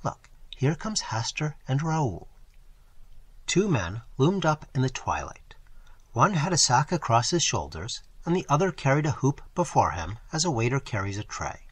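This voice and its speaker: A man narrating a first-person story for an audiobook in an expressive storytelling manner. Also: mid-range voice, normal speed, slightly rough. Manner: expressive storytelling, varied delivery.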